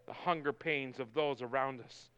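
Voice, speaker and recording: A male pastor preaching a sermon, building from quiet talk to shouted, soaring lines. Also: mid-range voice, normal speed, clear, resonant tone, lo-fi sound.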